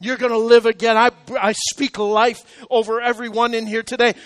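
High-voiced pastor preaching with fervor. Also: male voice, flat delivery, normal speed, hardly any pauses, a bit bright, no room sound. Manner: impassioned, rising to exhortation. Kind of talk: sermon. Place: church sanctuary.

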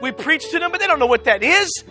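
Fervent, very high-voiced male preacher. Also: sing-song, fast, faint music behind. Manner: fervent, emphatic, rising to shouts. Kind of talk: sermon.

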